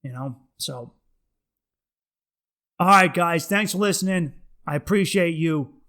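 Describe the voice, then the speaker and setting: A man's voice: fairly high pitch, slow, pushed and bright. A young man hosting his podcast, telling stories in a loose, profane, rambling way. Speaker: podcast host. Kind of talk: casual monologue.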